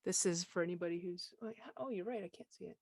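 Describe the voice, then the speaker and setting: A woman co-hosting a casual chat over a video call, running a party game in a playful, brisk way. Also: fairly low pitch, gravelly, a little mellow, no room sound, clean studio sound. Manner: playful, brisk, repeats prompts.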